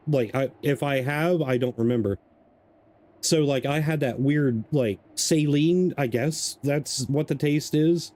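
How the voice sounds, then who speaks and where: A man talking casually over a live game stream, drifting from a long rambling anecdote into commentary on what he is playing. His voice is mellow and warm, pitched in an ordinary middle range, and he breaks into laughter often.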